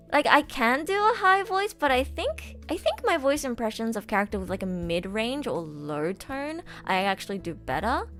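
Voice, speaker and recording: A woman's voice: fairly high pitch, very animated, moderate pace, few pauses, fairly bright tone, faint music behind. A young adult woman voice actress chatting casually on a live stream, bubbly and giggly, gushing with enthusiasm.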